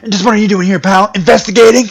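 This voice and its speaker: A gruff detective with a gravelly, husky rasp, as a streamer puts him on. He talks high and blustery, barking at his underlings while he reads through game dialogue. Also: steady tone, very fast, soft background music. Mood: blustering. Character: gruff loyal male police detective.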